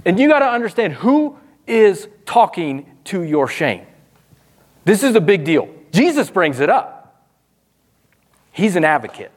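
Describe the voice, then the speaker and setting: High-voiced, animated male preacher. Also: a little slow, pauses often. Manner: animated preaching, acting out quoted voices with sudden high pitch. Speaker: pastor. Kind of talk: sermon.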